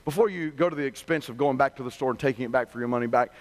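A soothing, deferential male phone rep who stays endlessly patient, his voice pitched low and kept gentle and quiet, as a preacher puts him on in a sermon story. He talks in a steady, placating way. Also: rapid-fire, long reverb tail, natural voice. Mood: calm, patient. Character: calm, overly polite male customer service rep.

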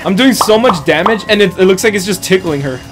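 A man giving let's-play commentary in a lively, swinging voice that leaps up in excitement and trails into jokes and crude remarks. Game music plays clearly behind him the whole time. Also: high voice, quick pace. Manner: loud, excitable, joking and crude. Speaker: gaming streamer.

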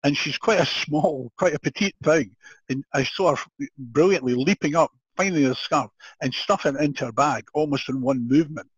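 Older man, Scottish accent, husky voice, animated storytelling, frequent laughter, dull dry recording. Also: on the high side, moderate pace, dry recording. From Scotland. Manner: animated, laughs often, restarts sentences. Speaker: guest. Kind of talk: storytelling in a podcast interview.

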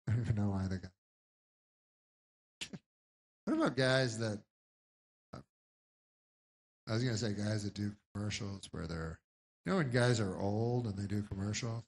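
A man doing a stand-up comedy set with a rambling, deadpan delivery full of meandering asides. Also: fairly low pitch, unhurried, creaky, pauses often, husky.

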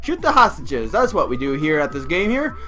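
A woman hosting a let's play, loudly swearing and shouting at the game in excitable outbursts. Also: low voice, moderate pace, soft background music. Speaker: gaming channel host.

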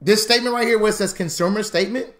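Man instructor, fairly high voice, animated, chatty live class. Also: rapid-fire. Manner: animated, chatty, acts out mock quotes; talks to viewers as "y'all". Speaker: credit repair instructor.

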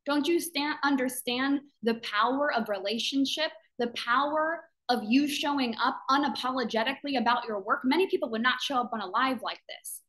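A woman's voice: high-pitched, moderate pace, hardly any pauses, fairly bright tone. A woman who founded a business community, giving a fervent motivational talk to its members on a live video call. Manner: fervent, emphatic, repeats phrases for emphasis; acts out other people's doubting voices in quotes.

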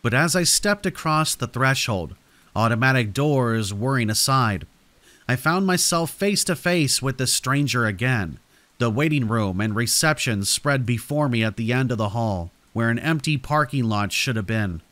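A man's voice: medium pitch, animated, normal speed, a bit bright, no room sound. Man narrating horror stories for sleep.

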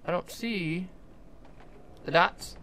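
A young adult livestreamer giving jokey, excitable commentary while playing, often talking to the game's characters. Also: medium pitch, slow, a little hiss or hum. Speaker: gaming livestreamer. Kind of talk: live gameplay commentary.

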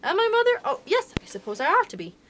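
An honest, brave young miner boy from a storybook, as a woman reading aloud puts him on. The voice sits a little lower and speaks steady and sincere. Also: quick pace, a little hiss or hum, exaggerated voice. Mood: earnest.

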